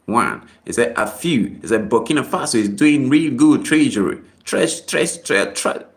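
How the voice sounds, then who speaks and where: In a casual vlog, a man rambles and repeats himself, lurching from quiet mutters to abrupt high-pitched outbursts. His intonation is lively, his pace moderate, and there's vocal fry in his voice.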